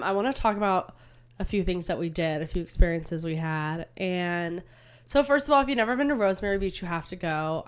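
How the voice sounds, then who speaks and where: A young woman co-hosting a podcast in casual chat, bubbly and chatty, her voice still slightly raspy from a cold. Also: on the low side. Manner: bubbly, chatty, full of "like" fillers. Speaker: podcast co-host.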